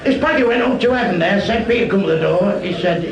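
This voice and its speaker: A man's voice: high voice, a little fast, vocal fry, few pauses, a crowd in the background. An older man tells crude, profane stand-up jokes in a blunt way and acts out their characters. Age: 60s. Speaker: stand-up comedian. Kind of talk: stand-up joke telling.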